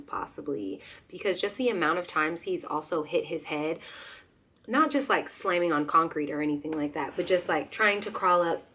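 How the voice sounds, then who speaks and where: Chatty young mom with a hoarse voice. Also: female voice, on the low side. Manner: chatty, animated, slips into excited quoted voices. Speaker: vlogger. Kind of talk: casual chat.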